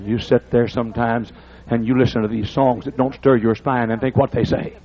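A man preaching a sermon, dropping to low talk and rising to shouted, half-sung hymn lines. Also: fairly even intonation, moderate pace, lo-fi sound. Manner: swings from low mutter to shouted singing of hymns. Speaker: pastor.

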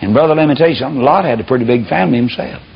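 A man's voice: mid-range voice, rapid-fire, gravelly, a little hiss or hum. A man preaching a sermon, telling the story in a folksy, fiery way. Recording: dull lo-fi recording.

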